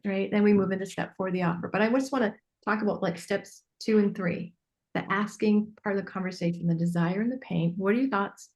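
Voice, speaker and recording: A woman, a business mentor coaching a group on a call, earnest and animated, acting out bits of dialogue. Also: mid-range voice, a little fast.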